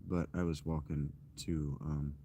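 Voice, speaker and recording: A man in his thirties chatting casually with his stream while walking outdoors, rambling with fillers and self-corrections in a loud, projecting voice. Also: a bass voice, flat delivery, a little slow, slight background noise. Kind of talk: casual live-stream chat. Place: outdoors, walking through a parking lot.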